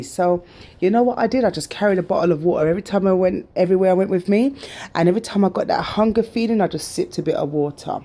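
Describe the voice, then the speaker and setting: A woman's voice: lowish voice, fast talker, warm tone. A British woman vlogging and telling a personal story in an emphatic way, repeating phrases for stress.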